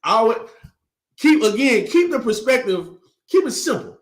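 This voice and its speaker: A man's voice: very high-pitched, sing-song, moderate pace. A man preaching emphatically in slangy, repetitive speech. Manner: emphatic, slangy, repeats words. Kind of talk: sermon teaching. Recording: echoey room.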